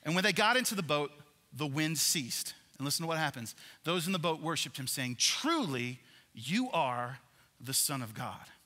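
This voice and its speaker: Preaching at a moderate pace in a large church worship center, this man is animated and often tosses questions back to the congregation. His voice is bright, forceful, and a little high for a man, with the hall's long reverb trailing behind it.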